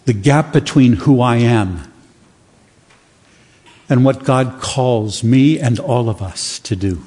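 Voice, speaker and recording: Husky-voiced man preaching in a hall. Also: medium pitch, slow pace, pauses often, darkish tone. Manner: earnest, builds to emphatic questions. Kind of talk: sermon.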